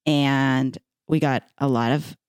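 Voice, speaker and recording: A woman's voice: rumbling low, fairly even intonation, slow, darkish tone, clear, resonant tone, dry recording, clean studio sound. A woman co-hosting a podcast, chatting casually and cheering her co-host on. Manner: supportive listener, encouraging. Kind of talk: casual chat.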